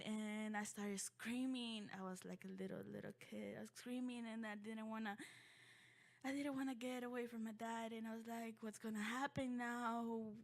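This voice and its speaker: A young woman from Ecuador telling a personal story in a halting, heartfelt way, full of fillers and restarts. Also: fairly high pitch.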